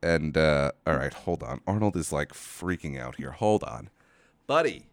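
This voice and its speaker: A man's voice: a bass voice, expressive, a little slow, vocal fry. A man hosting a casual solo podcast, ranting with exasperation, swearing and rambling into a microphone. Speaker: podcast host. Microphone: studio microphone.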